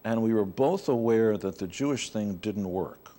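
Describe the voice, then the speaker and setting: A man's voice: fairly low pitch, moderate pace, warm tone. A middle-aged man from New York, an interview guest telling candid stories in a blunt, wry way. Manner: blunt, wry anecdotes with playful put-on voices.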